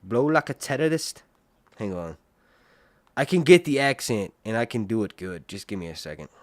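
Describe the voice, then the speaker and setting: A man's voice: on the low side, very animated, moderate pace, no echo. A man from North Carolina, chatting casually on a livestream and laughing often. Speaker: livestream TV show reviewer. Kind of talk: casual live chat.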